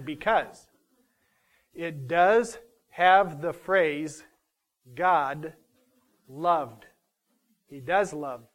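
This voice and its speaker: Animated high-voiced man preaching. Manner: conversational, animated preaching with self-deprecating humor. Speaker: Bible study teacher. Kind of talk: sermon.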